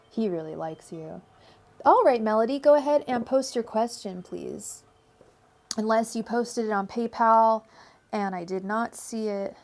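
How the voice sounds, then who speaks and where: Young woman from the US, live-stream tarot reader: chatty, laughs a lot, steady chanting invocations. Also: mid-range voice.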